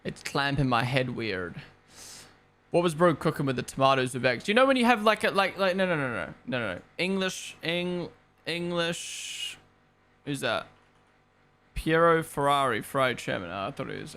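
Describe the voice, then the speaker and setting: A young man from Australia or New Zealand streams a race watchalong, chatting casually into a gaming headset, rambling with strong opinions and free swearing. His medium-pitched voice is animated, brisk, creaky, pushed and bright.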